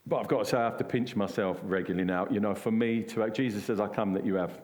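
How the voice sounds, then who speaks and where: A middle-aged man from England telling a story at a church event, animated and acting out what others said. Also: on the low side, fast. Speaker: guest. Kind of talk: conversational storytelling.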